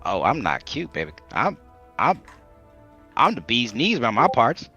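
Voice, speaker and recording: A man's voice: medium pitch, wildly swooping pitch, moderate pace, sharp tone, husky, faint music behind, exaggerated voice. Folksy drawling rabbit-man, stammers, chatty, played by a man, dull sound. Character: folksy rabbit-eared man, talkative charmer.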